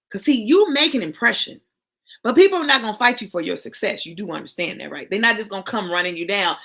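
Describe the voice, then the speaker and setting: A woman's voice: mid-range voice, animated, quick pace, creaky, fairly bright tone. A woman giving an emphatic, preachy motivational talk who calls her listeners y'all and honey. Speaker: motivational speaker.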